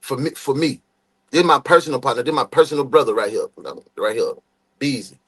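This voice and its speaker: A young man hosting a live true crime stream, greeting chat viewers by name in a lively, animated way. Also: mid-range voice, fairly quick, breathy edge.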